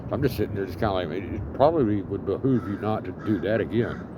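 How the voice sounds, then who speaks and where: A man's voice: lowish voice, quick pace, lo-fi sound, noisy background. A man telling a rambling story full of swearing and fillers, outdoors in an urban setting. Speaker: vlogger living homeless.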